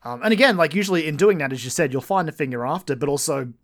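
A fairly high-voiced man chats on a gaming podcast, teasing his co-host and laughing often. He sounds relaxed and conversational. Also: fast talker. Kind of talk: casual chat.

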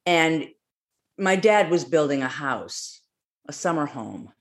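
A man's voice: fairly high pitch, very animated, slow. Wry man telling a personal story. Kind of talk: personal story told on stage.

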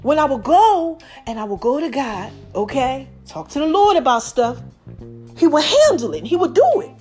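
Female podcast host, high-pitched, animated testimony style, speaks straight to listeners. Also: moderate pace, soft background music. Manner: expressive, preachy, talks straight to listeners. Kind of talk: casual testimony monologue.

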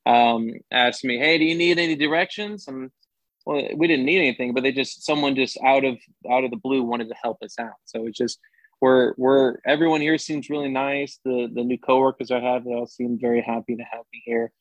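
A man's voice: mid-range voice, steady tone, normal speed, dry recording, low-quality recording. A young man, a sports anchor, chatting casually as a podcast guest and often restarting his sentences with upbeat energy.

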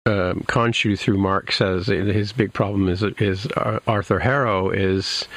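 A man's voice: fairly low pitch, steady tone, unhurried, a bit bright, dry recording. A man in casual chat, rambling through a recap with many restarts and fillers. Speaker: podcast co-host recapping a TV episode.

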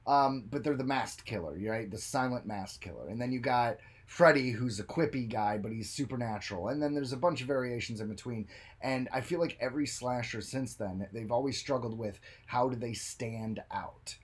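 A man co-hosting a podcast in casual chat, animated and jokey, who talks about his own film work. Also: medium pitch, moderate pace, husky. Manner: animated, jokey, bursts into silly voices. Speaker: podcast co-host.

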